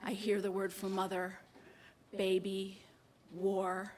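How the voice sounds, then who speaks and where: A young American woman tells a personal story at a live slam, lively and poking fun at herself as she acts out the voices of people she met. Her pitch is medium and she speaks slowly, with slight background noise.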